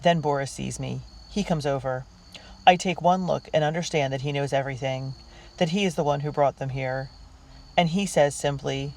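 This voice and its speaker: A reader narrating a diary storybook in a girl's first-person voice, earnest and unhurried. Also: mid-range voice, creaky, poor audio. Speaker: audiobook reader.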